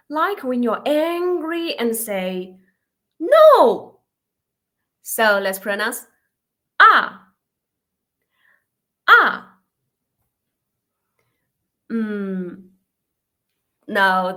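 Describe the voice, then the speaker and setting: A woman whose first language is Mandarin, teaching beginners in a live online class, speaking slowly and patiently while drilling sounds for learners to repeat. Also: medium pitch, fairly bright tone. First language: Mandarin Chinese. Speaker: Chinese teacher.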